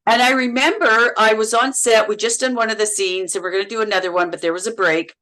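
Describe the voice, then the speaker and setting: A middle-aged woman from Canada, an actress and podcast guest, telling on-set stories in a lively, laughing way, often repeating words as she goes. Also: on the high side, fast, rough recording. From Canada, Manitoba. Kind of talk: casual interview chat.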